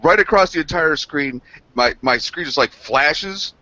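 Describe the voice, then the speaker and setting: A man's voice: a little high, lively intonation, a little slow, sharp tone. A man on a gaming news show, telling a rambling, profane story between laughs. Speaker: podcast co-host. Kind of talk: casual chat. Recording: dull lo-fi sound.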